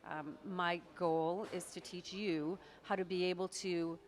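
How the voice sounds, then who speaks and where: A woman's voice: fairly low pitch, fairly even intonation, a little slow, slight background noise. Canadian woman coaching accents. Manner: explanatory, demonstrates words aloud, laughs often. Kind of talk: interview answers.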